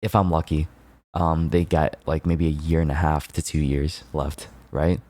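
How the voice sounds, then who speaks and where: Low-voiced playful male streamer. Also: flat delivery, moderate pace, warm tone. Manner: laughing, playful, rambling asides to chat. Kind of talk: casual chat with chat.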